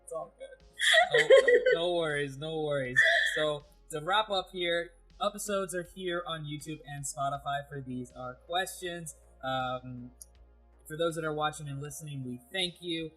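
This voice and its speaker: A man hosts a casual interview with playful, jokey energy, tossing off goofy asides. His voice is husky, and faint music plays in the background. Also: a little high, moderate pace, fairly bright tone, rough recording. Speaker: host.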